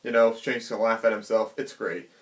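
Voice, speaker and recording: A man casually retelling a comic chapter in an animated, chatty way, acting out the characters' quotes. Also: lowish voice, normal speed. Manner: animated, chatty, many fillers. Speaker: manga reviewer.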